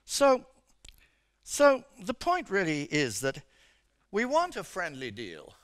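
A man's voice: high voice, wildly swooping pitch, slow pace, fairly bright tone. An older man from Britain, an economics professor giving a chatty seminar lecture, full of "you know" fillers.

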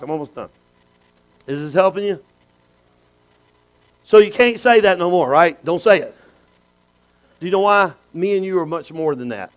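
A man preaching a sermon in a conversational way, dropping to low asides and then bursting into loud exclamations. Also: rough recording. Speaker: pastor.

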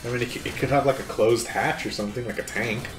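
A man's voice: medium pitch, fairly even intonation, fast talker. A young man co-hosting a let's play with casual, joking commentary and frequent laughs. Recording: roomy echo, game music behind.

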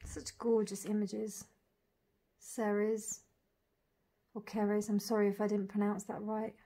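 A woman walking through an oracle deck card by card, calling out each name and meaning with soft, gushing admiration. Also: medium pitch, flat delivery, a little fast, breathy edge. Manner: dreamy, admiring, lingers on single words; soft laughs and gushing asides. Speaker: tarot reader reviewing an oracle deck. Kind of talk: casual unboxing walk-through.

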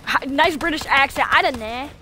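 A woman's voice: high-pitched, moderate pace, pushed and bright, a little hiss or hum. A woman streaming a video game, chatting casually and coaxing, repeating herself a lot. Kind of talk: casual live-stream chatter while playing.

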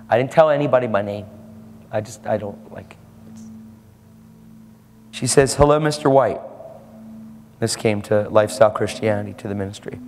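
A man's voice: medium pitch, darkish tone, slight background noise. A man preaching a sermon, telling a story and acting out the people in it. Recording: live hall with long reverb and faint ambience.

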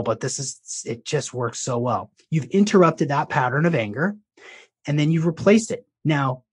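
A life coach appears as a podcast guest, his voice husky and pitched in the middle range. He tells a long story conversationally, rambling loosely and restarting often.

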